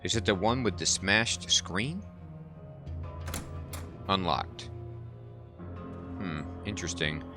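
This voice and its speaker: A man's voice: deep voice, expressive, slow pace, long pauses, music in the background. A man hosting a game playthrough, rambling and thinking aloud in casual commentary. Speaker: let's play host.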